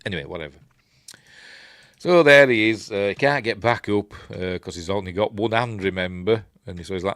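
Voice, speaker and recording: A man's voice: deep voice, moderate pace, fairly bright tone, no echo, studio quality. A man with a Yorkshire accent giving a casual, rambling film commentary, full of chuckling asides and playful character impressions. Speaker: film reviewer.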